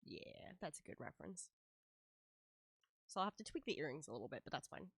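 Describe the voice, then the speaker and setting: Stuffy-nosed woman streamer, low-ish voice, dry sound, chatty and giggly while she draws. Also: very animated, a little fast, slightly rough, no room sound. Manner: chatty, laughs often, lots of "like". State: stuffy nose. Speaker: live-streaming artist. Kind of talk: casual chat while drawing.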